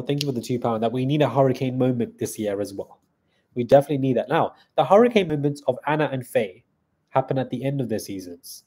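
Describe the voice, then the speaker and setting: A man runs a live stream in a loose, chatty style, reading out viewer comments and responding on the spot. His voice is middling in pitch, mellow, warm, and husky.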